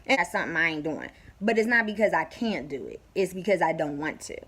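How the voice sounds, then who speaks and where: Blunt, lively-voiced woman telling a story. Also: lowish voice, fast, breathy edge. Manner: profane, blunt, animated storyteller. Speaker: vlogger. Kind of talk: casual storytelling vlog.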